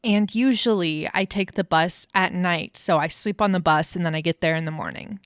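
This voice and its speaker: A woman co-hosting a podcast speaks in a lowish, clear, resonant voice at a moderate pace, captured in a clean, dry studio recording. In casual conversation she drops wry, teasing remarks at her co-host's expense.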